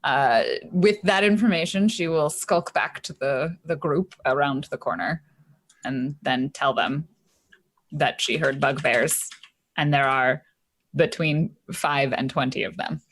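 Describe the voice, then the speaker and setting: A woman's voice: sits low, unhurried. A woman playing in a tabletop game, describing her character's moves. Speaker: player.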